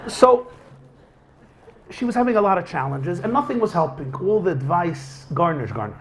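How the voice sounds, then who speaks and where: A man with a high-sitting voice teaches a class as a rabbi, telling a story as a lecture at a moderate pace. He animatedly acts out the dialogue before a live audience in a lecture hall, with a little hiss or hum audible.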